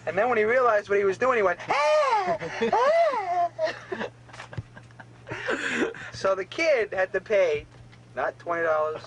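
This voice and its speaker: A man's voice: high-pitched, expressive, moderate pace, long pauses, poor audio. A man from a band's road crew, sitting on a tour bus and telling a laughing, profane anecdote to the camera. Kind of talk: casual storytelling to camera.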